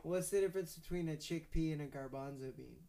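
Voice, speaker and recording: Male podcast guest, a bit higher voice, playful, laughs a lot. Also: fast, creaky, mellow. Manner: laughs often, playful banter. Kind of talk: casual joking chat.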